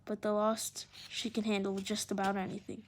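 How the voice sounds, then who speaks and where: A woman's voice: medium pitch, little pitch movement, moderate pace, slight background noise, lightly acted. A woman reading aloud as a boastful young man trying to impress a girl. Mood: cocky.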